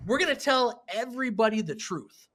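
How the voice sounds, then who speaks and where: A man hosting a panel discussion as a sales trainer, talking in a blunt, emphatic, animated way. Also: extremely high pitch, moderate pace. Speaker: sales trainer and show host.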